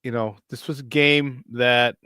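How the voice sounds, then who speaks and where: A man of middle pitch hosts a casual sports talk show, excitable and prone to saying things twice. He rattles off stats in quick lists and sounds dry and close, with no room around him. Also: smooth, no room sound. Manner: excitable, repeats phrases for emphasis; reads stat lines off in quick lists. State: doing burpees while talking.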